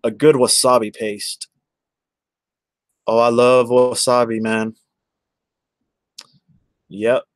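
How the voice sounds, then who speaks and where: A man's voice: mid-range voice, little pitch movement, slow pace, long pauses, no room sound. A man, chatting casually on a livestream and answering viewers by name in a rambling way. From Texas.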